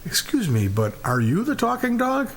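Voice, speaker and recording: A man's voice: high-pitched, sing-song, a little fast, vocal fry, big-room sound, slight background noise, pitched above the performer's own voice, heavily acted. A man playing an astonished traveler who stammers out eager questions in a joke. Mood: amazed. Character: amazed male traveler, eager and excitable.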